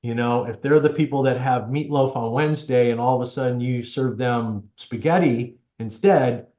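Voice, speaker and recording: A man's voice: medium pitch, normal speed. A man being interviewed, casually telling stories and acting out what people said. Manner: chatty, animated storyteller, acts out quotes. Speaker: tech helper for seniors, guest. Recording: roomy, slightly dull sound.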